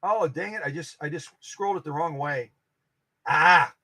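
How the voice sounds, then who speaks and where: A man's voice: a little high, moderate pace, creaky, no echo. A man hosting a live stream, chatting casually and joking with his viewers. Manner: animated, exclaiming and joking with viewers. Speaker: host of a sewing machine live stream.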